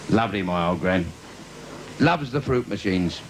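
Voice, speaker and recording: A man doing bawdy stand-up cabaret patter on a theatre stage, with sudden squeaky asides. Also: expressive, takes it slowly, long pauses. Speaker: stand-up comedian. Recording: noisy 1980s live video.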